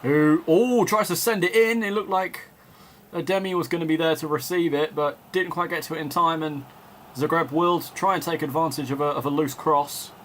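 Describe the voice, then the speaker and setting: Guy, slightly high voice, jokey mock commentary on a football game, laughs a lot, faint game noise behind. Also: steady tone, moderate pace, fairly bright tone. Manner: jokey, laughs often, breaks off to chat with viewers. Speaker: gamer doing mock commentary.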